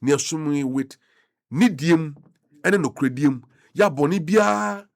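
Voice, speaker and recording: A man's voice: fairly high pitch, slow pace, gravelly, dry recording. A man with a Ghanaian accent giving impassioned political commentary as a radio talk show host, mixing Twi and English. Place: radio studio.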